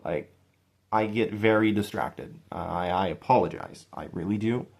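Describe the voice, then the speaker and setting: A young man talks straight to his viewers in a casual vlog, his voice sitting a little on the low side. He rambles earnestly, restarts his sentences and pokes fun at himself. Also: measured pace, vocal fry, darkish tone. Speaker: YouTuber thanking subscribers. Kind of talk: heartfelt casual vlog monologue.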